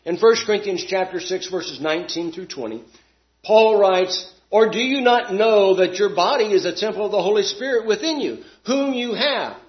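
A man preaching with a somewhat high voice, pressing his points with rhetorical questions. He swings between loud, emphatic lines and quiet, low ones. The recording sounds dull and lo-fi. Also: animated, moderate pace. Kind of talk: sermon.

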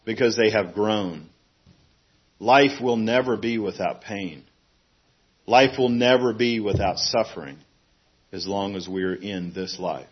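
A middle-aged man preaching a sermon in a plain, earnest way, now and then acting out a fussing parent in a sudden high voice. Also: takes it slowly, pauses often, husky, lo-fi sound.

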